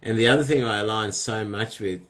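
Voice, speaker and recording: A man's voice: lowish voice, fairly quick, fairly bright tone. A man hosting a poetry podcast, talking reflectively with frequent hesitations and fillers. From grew up partly in the tropics, then Australia. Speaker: podcast host. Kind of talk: casual conversation.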